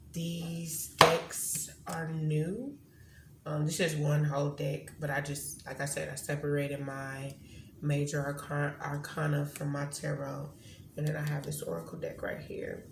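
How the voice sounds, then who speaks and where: A woman reading tarot cards casually to camera, rambling and candid, swearing now and then. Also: low voice. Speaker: tarot reader. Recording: echoey room with faint noise.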